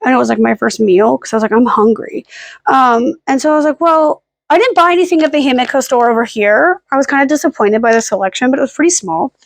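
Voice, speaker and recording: A woman's voice: high-pitched, fast talker, dry recording. A woman rambling through a casual vlog, self-deprecating and full of "like" and "um" fillers, filming herself at home with the camera held at arm's length. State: hiccuping and burping. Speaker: vlogger.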